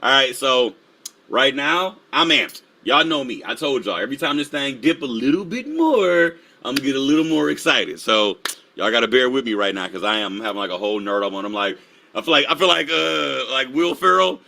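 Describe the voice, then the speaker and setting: A man's voice: medium pitch, expressive, fairly quick, bright, forceful tone. A man hosting a casual live stream, full of energy, laughing often and reading the chat aloud. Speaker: livestream host.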